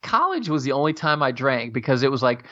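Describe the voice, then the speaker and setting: A man's voice: mid-range voice, sing-song, fairly quick, a bit bright. A man telling long casual stories in a rambling way, with many restarts and casual swearing. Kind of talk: casual storytelling chat. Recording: dull lo-fi audio.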